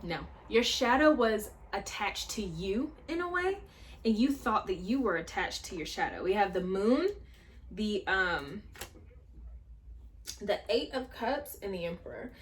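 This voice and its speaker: A woman's voice: medium pitch, lively intonation, measured pace, a little hiss or hum. A woman chatting her way through a tarot reading, thinking aloud with many fillers and asides. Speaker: tarot reader. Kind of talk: casual spiritual tarot reading.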